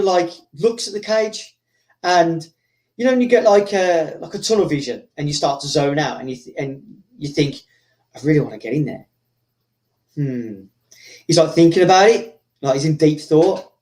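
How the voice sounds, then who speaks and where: A man's voice: high voice, darkish tone. Man rambling through a story. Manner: rambling, full of fillers, acts out characters. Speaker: host. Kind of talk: casual storytelling.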